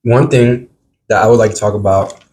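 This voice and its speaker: A man's voice: fairly low pitch, fairly even intonation, moderate pace, dark tone, slight background noise. A man co-hosting a casual podcast while eating, with playful, exaggerated reactions and lots of "bro". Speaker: podcast co-host.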